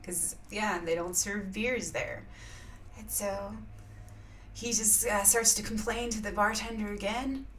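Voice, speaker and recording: A woman talks casually in a vlog about her spiritual reflections, rambling with lots of "yeah" fillers and frequent laughter. Her mid-range voice stays steady and fairly bright at a slightly slow pace, against a little hiss or hum.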